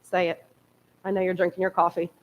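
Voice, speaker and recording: The recording is muffled, but this woman's voice comes through low-pitched and fairly monotone, moving a little fast. In her early forties, she is a guest speaker giving a candid, emotional and conversational personal testimony in a church sanctuary.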